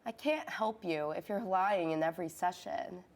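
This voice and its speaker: An actress playing a therapist who questions her patients in a measured, dry and probing way, in a comedic student film. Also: on the low side, a little mellow, natural voice. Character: patient, increasingly exasperated woman therapist.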